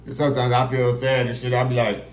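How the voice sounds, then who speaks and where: A man's voice: medium pitch, fast talker. A young man casually telling a long, profane story straight to his viewers. He keeps checking in with them and acts out other people's lines as he goes. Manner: profane, animated, keeps asking "you feel me". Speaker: vlogger. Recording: roomy echo with faint background noise.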